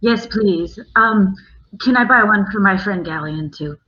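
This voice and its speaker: A woman playing her character in a tabletop game, speaking in a nervous, halting way. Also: medium pitch. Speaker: player. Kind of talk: in-character role-play. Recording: dull lo-fi mic.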